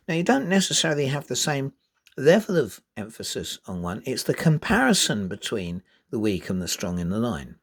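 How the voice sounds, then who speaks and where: A man teaching how to work out the metre of a poem, reading lines slowly with marked stress and explaining with emphatic restarts. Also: mid-range voice, sing-song. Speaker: poetry teacher. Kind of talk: explanatory lesson.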